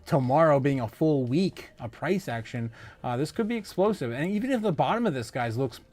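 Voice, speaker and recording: A man hosting a casual crypto livestream, reading viewer comments aloud, excitable and laughing often. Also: on the high side, brisk.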